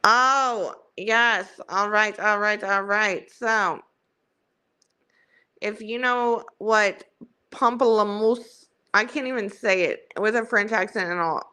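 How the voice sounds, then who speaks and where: A livestream host with a Southern US country accent chats casually, rambling and poking fun at herself. Her mid-range voice is bright, smooth, and forceful, and she takes her time.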